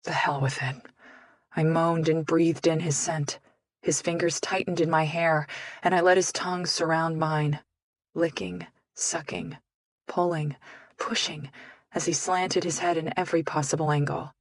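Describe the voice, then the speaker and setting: Low-pitched woman narrator for a romance audiobook, intimate and emotional, dry close sound. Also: little pitch movement, unhurried, dry recording.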